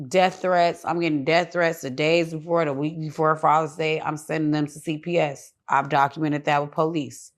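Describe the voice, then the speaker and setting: A woman's voice: deep voice, steady tone, moderate pace, hardly any pauses. A woman guest in a casual interview on a studio couch, speaking bluntly, heatedly and with lots of cursing.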